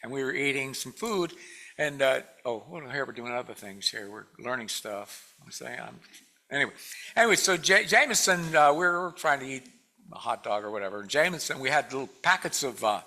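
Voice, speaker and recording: A man's voice: medium pitch, lively intonation, brisk, bright, forceful tone. A man giving a casual, rambling talk to a spiritual community, full of fillers and restarts and often laughing. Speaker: guest speaker at a spiritual community.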